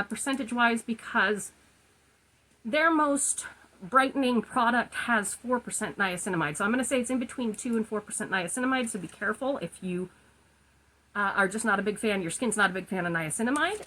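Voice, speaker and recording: A woman in her forties giving a casual, chatty skincare review at home, goofy and quick to laugh at her own slips. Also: a little high, a bit bright, low-quality recording. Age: 40s. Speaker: skincare vlogger. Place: her room at home, indoors.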